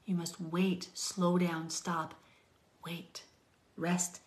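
A woman's voice: on the low side, flat delivery, extremely slow. A woman teaching from the Bible, reading scripture aloud and commenting in an earnest, pleading way that sometimes drops to a whisper.

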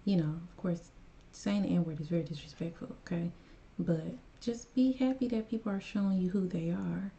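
A woman hosts a reaction video and speaks straight to her viewers, handing out emphatic, preachy advice. Her voice is lowish and very dark and mellow in tone. The recording sounds muffled and lo-fi. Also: moderate pace. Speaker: reaction channel host. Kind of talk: casual reaction commentary.

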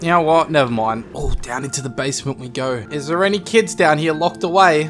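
A man doing excited game commentary, yelling and laughing as he plays. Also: on the high side, fairly quick. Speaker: gaming YouTuber. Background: game music.

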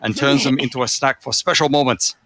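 A man's voice: mid-range voice, fairly even intonation, brisk, a crowd in the background, natural voice. A man voicing a proud home cook presenting his strange recipe, in a put-on German accent. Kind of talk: comic reading of a recipe blog.

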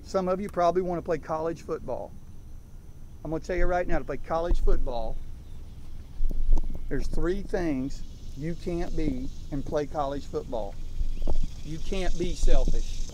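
A man's voice: on the high side, a little slow, long pauses, a little mellow, slight background noise. A man in his fifties, a coach giving an emphatic motivational talk to his team in a field. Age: 50s. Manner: emphatic, preaching with repeated punchlines. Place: outdoors in a rural field.

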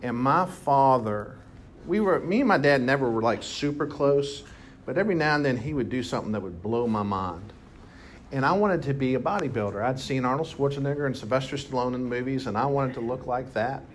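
A man preaching a sermon to a congregation, telling a story with animated emphasis. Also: mid-range voice, brisk, a little hiss or hum. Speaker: pastor. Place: church hall with congregation.

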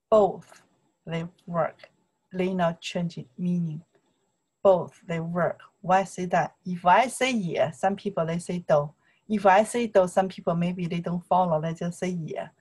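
A woman's voice: fairly low pitch, darkish tone, husky. A woman whose first language is Chinese, teaching a Chinese lesson in simple English and patiently repeating words and tones. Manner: patient, repetitive, drills tones and words slowly; simple, non-native English.

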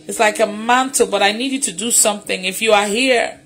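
A woman leading prophetic prayer and deliverance, making fervent, repetitive declarations, laughing in bursts and at times shouting. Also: medium pitch, fairly quick, faint music behind. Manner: intermittently shouts and prays in tongues. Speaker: prophetic minister.

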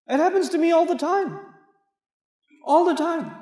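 A man's voice: very high voice, expressive, moderate pace, a little mellow. A middle-aged man from Pakistan giving a storytelling mosque lecture, acting out quotes and laughing often. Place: large mosque hall. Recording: echoey hall.

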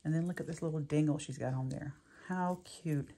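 A woman's voice: deep voice, brisk, dark tone. A woman chatting through a craft unboxing, gushing and giggly. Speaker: crafting vlogger. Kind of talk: casual unboxing chat. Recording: clear background noise, paper crinkling.

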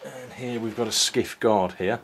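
A man casually walking through a toy set, unhurried, with many ums and restarts. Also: medium pitch, a bit bright, a little hiss or hum. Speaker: toy reviewer. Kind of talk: casual product walkthrough.

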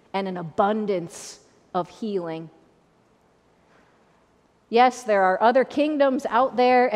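A woman pastor giving a sermon in a conversational, repetitive preaching style, with an Upper Midwest American accent. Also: on the high side. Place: church sanctuary. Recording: long church reverb.

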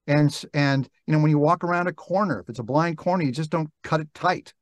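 An older man talking as a podcast guest, thoughtful and unhurried, with frequent restarts. He acts out little bits of dialogue as he tells his stories. The sound is close and dry, with no room around it. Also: fairly high pitch, no echo. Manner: reflective, halting with restarts, acts out quoted dialogue. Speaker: interview guest, narrator and actor. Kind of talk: relaxed storytelling interview talk. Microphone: podcast microphone.

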